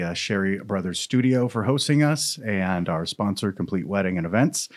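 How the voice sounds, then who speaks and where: A man hosting a podcast in a studio, talking casually into a studio mic in an upbeat, loose way with plenty of fillers. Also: lowish voice. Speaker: podcast host.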